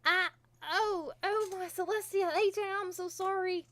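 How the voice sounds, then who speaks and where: A squeaky, excited young farm filly who gushes her lines in a bright rush, as a woman reads her. The voice sits well above a normal speaking pitch. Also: unhurried, no echo. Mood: flustered.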